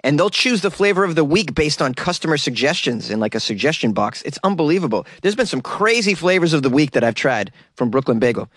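A man's voice: fairly high pitch, sing-song, fast, few pauses, fairly bright tone, no room sound, clean studio sound. A man hosting a casual solo podcast, chatty and jokey and rambling, who often laughs at his own jokes. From New York. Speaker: podcast host.

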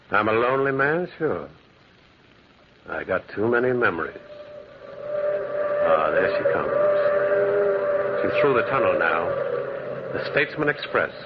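A brooding, lonely narrator. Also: male voice, fairly low pitch. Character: lonely male loner who once prospected in the mountains. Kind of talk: 1940s radio acting. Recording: muffled old radio recording with faint hiss.

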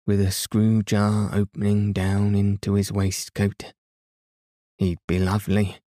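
A man reading the lines of a meek old toymaker in a hushed, dreamy way. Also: lowish voice, monotone, slow pace, no echo, clean studio sound. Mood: musing.

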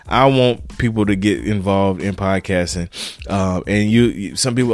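A man's voice: fairly low pitch, animated, normal speed, a little mellow. A middle-aged man hosting his own podcast, talking in a fired-up, preachy way and calling his listeners "man" and "y'all". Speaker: podcast host. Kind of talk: casual motivational podcast monologue.

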